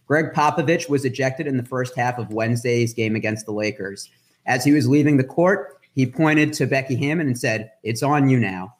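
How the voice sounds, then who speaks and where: A man hosting a casual podcast, upbeat and jokey, reading segment intros quickly. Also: mid-range voice. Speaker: podcast host.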